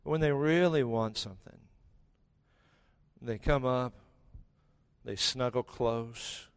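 A male pastor preaching a sermon with emphatic delivery, dramatic pauses and quiet, intense stretches. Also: medium pitch, clear, resonant tone.

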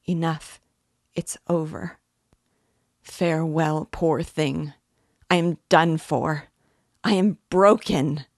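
A woman voicing a proud, desperate dying mother who rambles in delirium with a hoarse, gasping voice, her cries rising. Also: low-pitched, slow pace, no echo, clean studio sound, full character voice. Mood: anguished. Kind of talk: audiobook character reading.

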